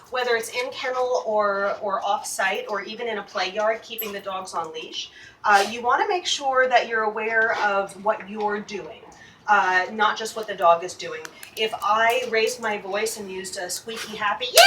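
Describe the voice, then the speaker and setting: A woman giving a hands-on teaching demo inside a dog kennel at an animal shelter, explaining calmly and gently with frequent restarts. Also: mid-range voice. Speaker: shelter volunteer trainer. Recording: distant mic, faint background noise.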